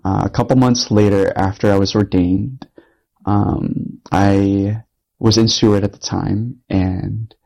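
A young man who serves as a Catholic priest, speaking in an easy, conversational way during an interview. His voice sits somewhat low, and his delivery is earnest and reflective, with plenty of loose filler words as he tells his story. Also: fairly even intonation, slow, vocal fry, darkish tone, rough recording.

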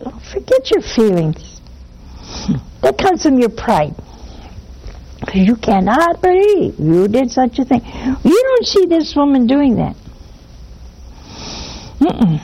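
A woman hosting a call-in show as a nun, teaching with animated little acted-out dialogues and blunt warnings. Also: mid-range voice, takes it slowly, vocal fry, pauses often, a little hiss or hum, poor audio. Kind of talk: spiritual teaching and call-in talk.

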